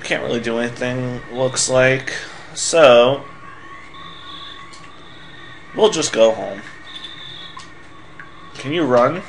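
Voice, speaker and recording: A man's voice: mid-range voice, takes it slowly, gravelly, slight background noise. A young man giving sarcastic, swearing commentary while playing a video game. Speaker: let's player.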